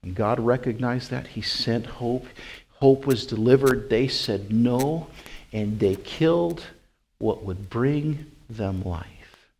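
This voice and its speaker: A man preaching a sermon as pastor, asking his listeners question after question and swinging from loud, high calls to slow, hushed lines. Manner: asks the congregation rhetorical questions.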